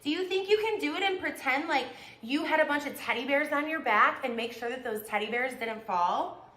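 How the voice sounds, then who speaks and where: A woman's voice: high voice, brisk, a bit bright, echoey room. A woman leading a children's yoga class, coaching the kids in an upbeat, sing-song way.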